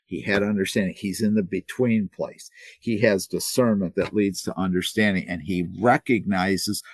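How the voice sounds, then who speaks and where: A man's voice: sits low, steady tone, moderate pace. An older man in his seventies preaching a sermon, telling stories earnestly with many restarts and repeated words. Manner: storytelling, repetitive restarts, earnest. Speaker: pastor.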